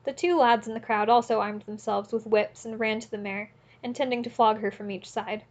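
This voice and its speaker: A woman narrating an audiobook in a steady, earnest reading voice, now and then correcting a slip. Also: a little high, brisk. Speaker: audiobook reader.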